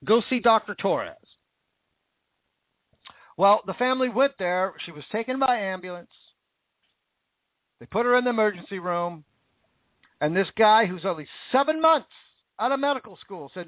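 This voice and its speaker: An internet talk show host offers casual political commentary, sounding impassioned, repetitive and indignant. His high-sitting voice has lively intonation, a moderate pace and long pauses, and the dry recording comes through a tinny, phone-like line.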